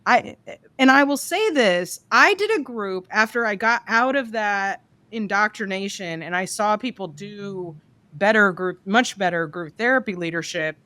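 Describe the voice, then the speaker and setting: A woman's voice: mid-range voice, animated, moderate pace, bright, forceful tone, dry recording. A woman therapist co-hosting a podcast, talking candidly about her work with frank, exasperated asides. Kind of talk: casual chat.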